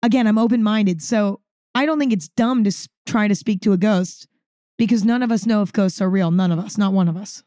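A woman's voice: mid-range voice, brisk, no room sound, studio quality. A woman hosting a podcast, telling a story in a casual, chatty way and saying "like" often. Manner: chatty, says "like" often, animated. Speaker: podcast host.

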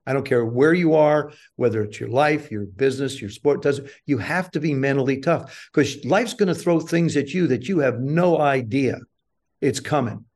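An older man, a guest on an interview show, telling a self-deprecating story with lively acted-out quotes. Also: mid-range voice, moderate pace.

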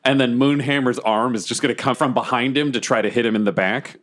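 A man playing a tabletop game, describing his character's actions in a relaxed way. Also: mid-range voice, fast talker. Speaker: player.

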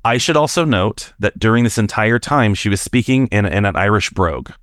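A man's voice: on the low side, lively intonation, brisk, no echo, clean studio sound. A man from Washington State calling into a show, telling a story casually and chattily with many fillers and restarts. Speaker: caller.

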